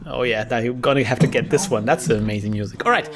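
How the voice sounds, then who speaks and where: Gravelly-voiced man commentating a card game. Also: medium pitch, quick pace, crowd noise. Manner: chatty, laughs often, restarts mid-word. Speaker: player commentating his own game.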